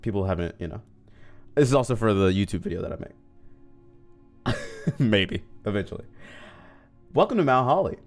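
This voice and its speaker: A man's voice: lowish voice, normal speed, pauses often, darkish tone. A man streaming a video game, chatting casually and joking with his viewers as he plays. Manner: chatty and joking, talks to chat while playing. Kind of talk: casual livestream gameplay chat. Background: faint game music.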